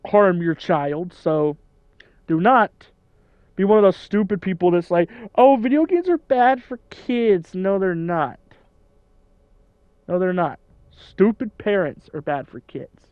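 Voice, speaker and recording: A man in his twenties with a fairly high voice talks through a video game in loose, rambling commentary. He keeps amusing himself and laughing at his own jokes. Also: lively intonation, slow, pauses often, clean tone, no room sound, dull audio. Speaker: gaming channel host. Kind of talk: casual let's-play commentary.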